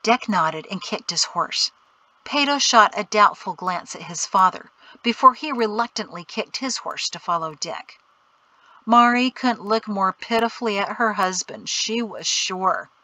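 A woman narrating an audiobook in a clear, steady storytelling way. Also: medium pitch, measured pace, low-quality recording.

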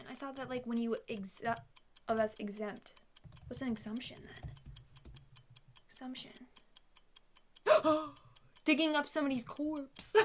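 Bright, high-voiced bubbly woman vlogger. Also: a little hiss or hum. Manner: expressive, squealing and giggly reactions. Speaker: YouTuber. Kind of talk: casual vlog commentary. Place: her home studio.

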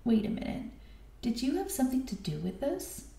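A doting, excitable mother hyena from a storybook, as a woman reading aloud puts her on. The voice lifts high and exclaims, with a gravelly edge and a dark, mellow tone. It rings in an echoey room. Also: normal speed, exaggerated voice. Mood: amazed.

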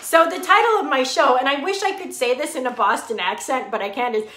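Chatty high-voiced woman, echoey room. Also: brisk, pushed and bright, slight background noise. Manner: chatty, greets viewers by name, laughs often. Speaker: fitness coach hosting a live show. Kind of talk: casual live chat.

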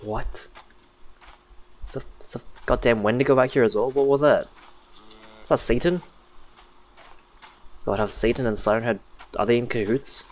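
A man's voice: medium pitch, moderate pace, pauses often, darkish tone, slight background noise, rough recording. A man giving sarcastic, jokey commentary while playing a horror game. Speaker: gaming youtuber.

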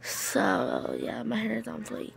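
A woman's voice: fairly high pitch, big pitch swings, takes it slowly, gravelly, husky, faint music behind. A teenage girl chatting casually to her vlog camera, tired, rambling and restarting her sentences with giggles. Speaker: vlogger.

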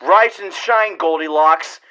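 Casting: man as a whiny, exasperated homeowner, high and bright, comedic dub with lo-fi sound. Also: takes it slowly, full character voice. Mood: mocking. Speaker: dubber. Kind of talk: comedic overdub of a silent film.

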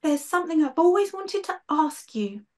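A woman's voice: very high voice, lively intonation, moderate pace, pitched above the performer's own voice. Betty, a woman doing a boastful warrior heroine. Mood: feebly pleading. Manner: overacted dying gasps. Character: boastful young woman castle guardian, melodramatic.

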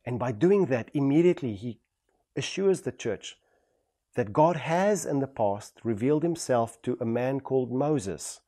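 A man's voice: medium pitch, lively intonation, a little slow, dark tone. A man with a South African accent preaching a sermon as pastor, building emphatic rhetorical repetitions. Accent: South African English.

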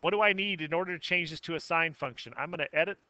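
A man teaching a math software tutorial, narrating each click step by step with casual self-corrections. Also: on the high side, fast, no room sound. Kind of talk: screen-recorded software tutorial.

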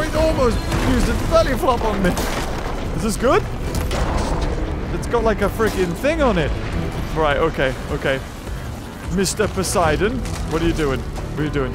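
A young man hosting let's-play commentary, excitable and full of exclamations. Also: high-pitched, normal speed. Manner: excitable, frequent exclamations and laughs. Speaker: gaming channel host. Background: game music.

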